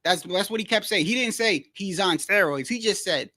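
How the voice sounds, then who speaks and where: High-pitched guy on a livestream, slangy and rambly, dry close sound. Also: normal speed, no room sound. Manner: slangy, rambling, keeps saying "bro"; animated storytelling, repeats himself. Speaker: livestream host. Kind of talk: casual livestream boxing chat.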